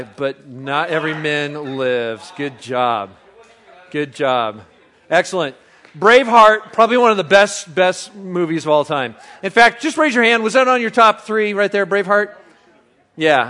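A man preaching a sermon, bantering playfully with the congregation, then turning soft and reflective. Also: sits high, animated, normal speed. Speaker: pastor.

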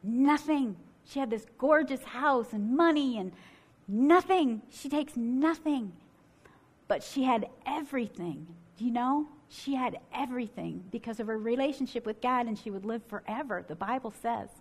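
A middle-aged woman from Michigan preaching a sermon, telling a story in an animated way and acting out what people said. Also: on the high side, moderate pace, husky. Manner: animated, acts out quotes with swings in loudness.

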